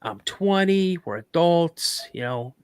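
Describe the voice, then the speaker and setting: Speaking slowly in a slightly high voice, a man appearing as a podcast guest animatedly recounts a story in a casual way. He voices the quoted dialogue and often restarts his sentences. The tone is clean, with no echo.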